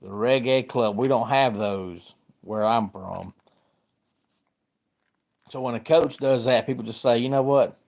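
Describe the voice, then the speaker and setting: A man's voice: mid-range voice, unhurried, vocal fry, long pauses, a little mellow. A middle-aged man from Georgia with a Southern accent, hosting a casual live-stream sports talk and greeting viewers by name. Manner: chatty, greets viewers by name while discussing football.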